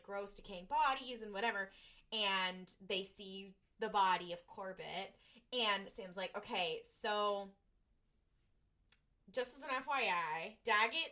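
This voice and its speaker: A young woman co-hosting a podcast, retelling a TV episode in a rambling, animated way, full of fillers and acted-out quotes. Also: medium pitch. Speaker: podcast co-host. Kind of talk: casual chat recapping an episode.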